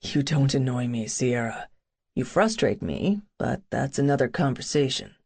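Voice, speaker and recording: A woman voicing a brooding, teasing young man, his lines low, hushed and wry. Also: expressive, normal speed, breathy edge, heavily acted.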